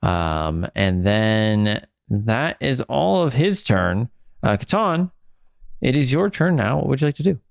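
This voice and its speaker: A man running a tabletop game as game master, describing monster attacks calmly with many fillers. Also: mid-range voice, takes it slowly, gravelly, no room sound, studio quality. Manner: calm, describes actions with fillers.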